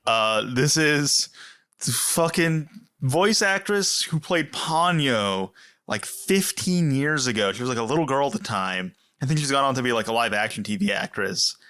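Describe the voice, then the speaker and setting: A man's voice: mid-range voice, expressive, moderate pace, pushed and bright. Man, podcast co-host, casual chat, opinionated, laughs easily, swears.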